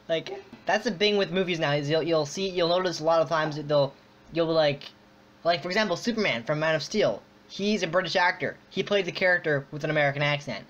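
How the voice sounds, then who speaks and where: A man's voice: fairly high pitch, fairly quick, fairly bright tone. A man hosting a casual online chat, rambling with lots of fillers and restarts. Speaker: podcast host. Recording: dull lo-fi audio.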